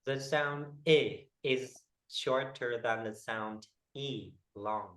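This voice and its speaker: A man teaching a one-on-one English pronunciation lesson, explaining haltingly with many fillers. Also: medium pitch, fairly bright tone, low-quality recording.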